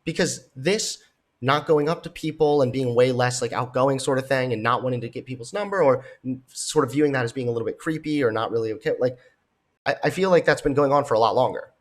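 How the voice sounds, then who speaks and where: A man's voice: medium pitch, quick pace. Blunt, swearing young man commentator. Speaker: commentator reacting to podcast clips. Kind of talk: reaction commentary.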